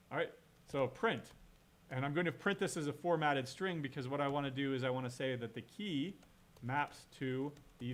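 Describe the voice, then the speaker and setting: A man lecturing on programming while he codes, thinking aloud, correcting himself and asking the class questions. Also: medium pitch. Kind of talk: live-coding lecture.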